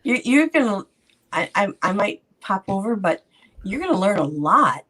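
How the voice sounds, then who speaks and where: A woman's voice: medium pitch, very animated, normal speed, bright, forceful tone. A woman on a livestream panel chatting casually, often hesitating and stumbling over words. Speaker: panel guest. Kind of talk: casual chat.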